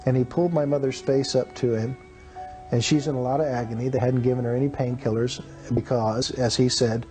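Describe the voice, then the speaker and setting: A Texan man in his fifties tells his personal testimony earnestly and dramatically, acting out the people in his story. His medium-pitched voice is steady and darkish, moving a little fast, with faint music in the background.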